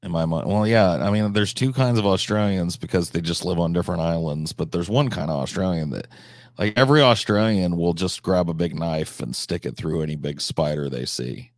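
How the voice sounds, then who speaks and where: Low-voiced, profane American man. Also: fairly quick, no room sound, clean studio sound. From United States. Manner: profane, rambling, blunt. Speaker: live-stream host. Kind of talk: casual live-stream chat.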